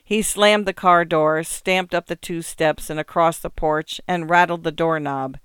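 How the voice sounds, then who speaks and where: A man narrating a story in a measured, subdued reading. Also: on the high side, fairly even intonation, fairly bright tone, smooth, dry recording, clean studio sound.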